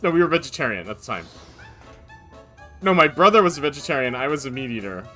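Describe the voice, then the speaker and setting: Bright-voiced male streamer telling anecdotes. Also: mid-range voice, fairly quick, long pauses, soft background music. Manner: rambling, animated anecdotes. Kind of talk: casual live-stream gameplay chat.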